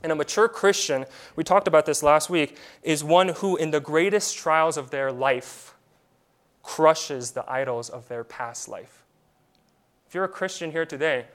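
A pastor with a voice on the high side preaches a sermon, leaning on rhetorical questions. He drops to a quiet voice for effect and sometimes repeats words as he begins a thought.

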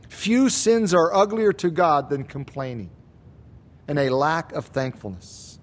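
A male pastor delivering a verse-by-verse sermon in a measured teaching manner, slowing down to stress key words. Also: sits high.

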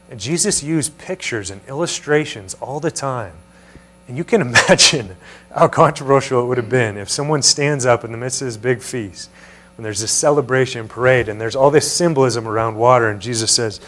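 A man's voice: medium pitch, moderate pace, a bit bright. Male preacher, teaching sermon, conversational, questions to the room, mains hum under the voice.

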